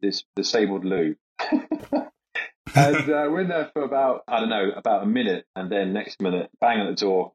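A man's voice: lowish voice, normal speed. Rambling man telling pub stories. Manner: rambling, hesitant, laughs through stories. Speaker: guest comedian. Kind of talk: casual anecdote telling. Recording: dull lo-fi podcast audio.

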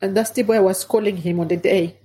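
Grieving middle-aged woman, halting speech. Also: mid-range voice, steady tone, warm tone. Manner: halting, non-native grammar. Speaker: bereaved mother. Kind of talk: personal testimony.

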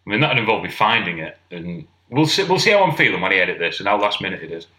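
A man's voice: low voice, very animated, fast, pushed and bright, reverberant, rough recording. A British man co-hosting and editing a podcast, teasing and swearing casually. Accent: British English. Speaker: podcast co-host and editor. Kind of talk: casual chat.

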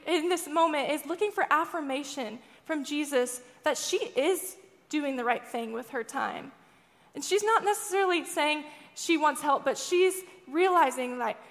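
A young woman tells a scripture story as a sermon, speaking expressively and often asking her audience questions. Her voice is high, and a long reverb trails it through a large hall. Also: fairly bright tone. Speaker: speaker at a church gathering.

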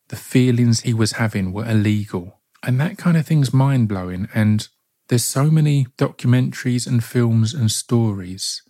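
A man hosting a solo podcast, talking softly and gently in a heartfelt way. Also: mid-range voice. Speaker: podcast host.

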